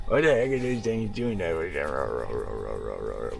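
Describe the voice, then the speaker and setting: A man voicing his pet dog, a fussy, put-out female dog grumbling in a low, complaining voice, with music playing behind. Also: slow pace, vocal fry, heavily acted. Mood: puzzled grumbling.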